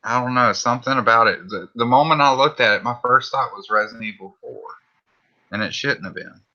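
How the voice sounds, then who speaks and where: Southern guy shooting the breeze on stream, real bright sharp tone, kinda muffled lo-fi audio. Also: mid-range voice, brisk. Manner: laid-back, swears casually. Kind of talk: casual chat on a livestream.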